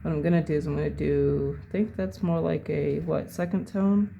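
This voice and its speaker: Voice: mid-range voice, steady tone, moderate pace, gravelly, highs cut off, slight background noise. A painting instructor casually talking through each brushstroke at a desk, thinking aloud and correcting themself as they go. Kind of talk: casual step-by-step painting demo. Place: at a home desk.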